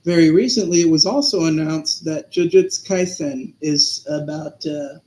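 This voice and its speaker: A man with a fairly high voice talks in a relaxed, rambling way, pausing often to find his words. The sound is roomy and echoey. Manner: thoughtful, rambling with many fillers. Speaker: podcast co-host. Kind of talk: casual chat. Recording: echoey room.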